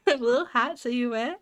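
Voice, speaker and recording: A woman streamer chatting casually to her audience while gaming, giggling and rambling. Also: on the high side. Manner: giggly, rambling, restarts sentences.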